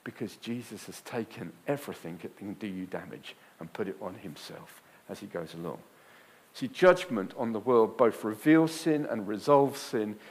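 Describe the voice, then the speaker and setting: A man preaching a sermon, emphatic, swinging from loud bursts to quiet and repeating phrases for weight. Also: fairly low pitch, normal speed, husky.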